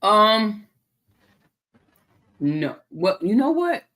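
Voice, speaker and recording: A woman's voice: mid-range voice, sing-song, extremely slow, a bit bright. A woman talking casually as a guest about her garden, easygoing and savoring the food with "mm" sounds. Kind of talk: casual chat.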